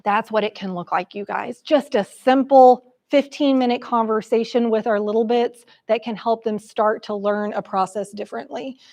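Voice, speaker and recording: Middle-aged female therapist presenter, slightly high voice, lively storyteller who talks straight to the room. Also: normal speed, hardly any pauses. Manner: animated retelling of a session with a child, addresses the audience directly.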